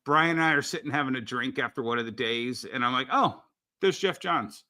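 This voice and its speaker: A man's voice: medium pitch, a little fast, pushed and bright. A man co-hosting a casual podcast, sharing anecdotes in a chatty way and often restarting his sentences. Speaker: podcast co-host, comic retailer. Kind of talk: casual chat.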